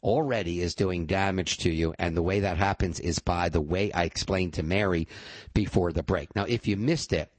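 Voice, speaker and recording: A man with a very low voice hosts a call-in radio show. He talks casually and rambles through long explanations with asides. The sound is close and dry, with no room around it. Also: moderate pace, no echo. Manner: chatty, explains at length with asides. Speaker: radio talk show host.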